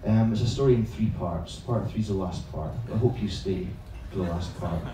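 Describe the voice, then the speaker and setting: A teacher trainer with a deep voice tells a comic story live to an audience at a moderate pace, chatty and self-mocking and swearing freely. It's an evening event in a large, very echoey room, and his voice sounds far from the mic.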